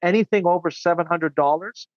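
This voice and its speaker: A man's voice: sits high, dry recording, dull audio. A man as a podcast guest, recounting his story in an earnest, indignant way. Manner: earnest, indignant, quick asides. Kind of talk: casual interview storytelling.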